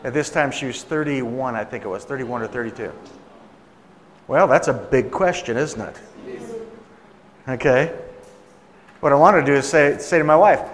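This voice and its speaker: A man's voice: mid-range voice, unhurried, long pauses, a little hiss or hum. Man preaching in a reverberant hall. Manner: conversational, acts out quoted voices. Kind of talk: sermon storytelling.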